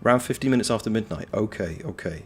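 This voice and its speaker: A man and voice actor giving live-stream gameplay commentary, swearing freely as he yells at the game and chats with viewers. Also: lowish voice, quick pace, breathy edge. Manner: animated, swears freely, talks to the game and to chat.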